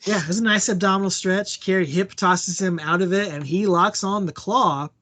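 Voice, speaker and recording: A man's voice: high voice, steady tone, normal speed, bright, forceful tone. A man co-hosting a casual podcast, joking and chuckling often while recapping a wrestling match. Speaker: podcast co-host.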